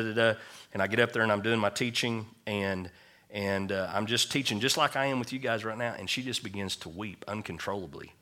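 Bright-voiced man preaching a sermon. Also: lowish voice. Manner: animated storytelling with acted quotes. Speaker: pastor. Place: church service.

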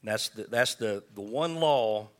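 A man preaching a conversational sermon to a congregation, reading scripture slowly and calling for responses, with joking asides. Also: fairly low pitch, animated. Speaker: pastor.

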